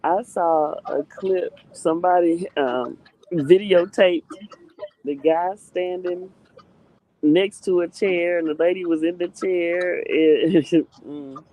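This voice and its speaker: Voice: medium pitch, slow pace, mellow, poor audio. A speaker on a casual chat panel, mostly listening with short murmurs and telling the odd clip story.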